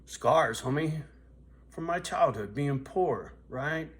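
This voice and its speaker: A blunt man in his fifties tells a profane, streetwise story straight to the camera. His voice sits a little high for a man, and he keeps tagging lines with "right?". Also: lively intonation, slow. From US West Coast. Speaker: vlogger.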